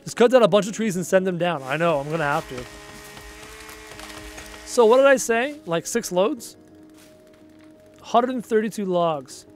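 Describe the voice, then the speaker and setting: A man's voice: high-pitched, lively intonation, normal speed, long pauses, faint music behind. A young Canadian man with a Canadian accent, chatting casually on a gaming livestream, thinking aloud and answering viewer comments. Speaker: livestream gamer.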